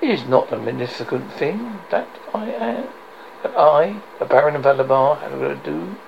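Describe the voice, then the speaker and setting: A man voicing a fat, scheming older villain baron with a rumbling low voice, gloating and commanding. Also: lively intonation, moderate pace, creaky, lo-fi sound, slight background noise. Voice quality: rumbling basso.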